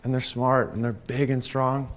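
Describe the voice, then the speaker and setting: A man giving a lively talk to a live conference audience, often checking in with "right?" and "okay?". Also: medium pitch, moderate pace. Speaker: conference speaker.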